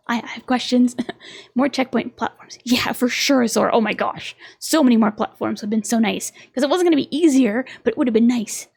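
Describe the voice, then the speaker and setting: Young female streamer, bit high-pitched, gravelly fry, chatty and laughing, casual let's-play. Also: fairly quick, darkish tone. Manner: chatty, laughing often, reading game dialogue aloud.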